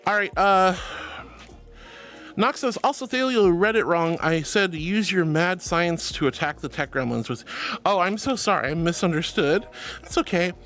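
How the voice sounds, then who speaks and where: A high-pitched man chats his way through a casual livestream, reading viewer messages aloud and answering each one with gushing affection and plenty of apologies. Faint music plays underneath his voice. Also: animated, moderate pace, a bit bright. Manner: gushing, affectionate, calls viewers sweetie and honey; chatty and apologetic, self-described yapper. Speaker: livestream host reading chat.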